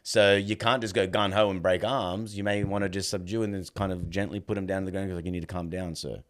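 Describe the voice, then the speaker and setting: Deep-voiced man telling animated stories. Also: fast talker. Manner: animated storyteller, acts out quoted dialogue. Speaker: podcast guest, dog trainer. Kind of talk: casual conversation.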